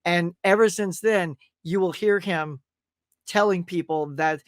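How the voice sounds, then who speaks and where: A man's voice: high-pitched, unhurried, no echo, studio quality. A man hosting a casual interview, talking enthusiastically, laughing often and rambling through his stories. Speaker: podcast host.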